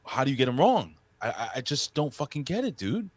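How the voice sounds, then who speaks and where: Excitable, swearing man on a podcast. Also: mid-range voice, brisk, no echo. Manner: excitable, profane, jumps between topics. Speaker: podcast co-host. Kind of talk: casual chat.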